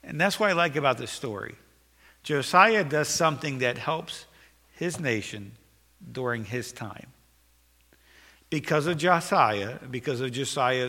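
A man's voice: mid-range voice, pushed and bright, in a large hall. A man preaching a sermon as pastor, earnest and repeating phrases for emphasis, in a church sanctuary.

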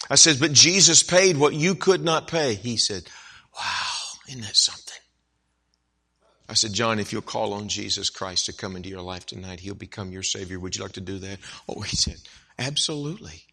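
A man's voice: low voice, normal speed, gravelly, husky. A man preaching a sermon, telling a personal story and acting out both sides of the dialogue, with emphatic rises. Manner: animated storyteller who acts out dialogue, rising to emphatic peaks.

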